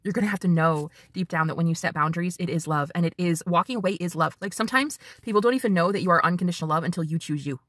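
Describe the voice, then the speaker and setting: A woman tarot reader giving a casual spiritual reading, chatty and animated, swearing freely as she talks to her viewers. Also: lowish voice, racing, hardly any pauses, no room sound, clean studio sound.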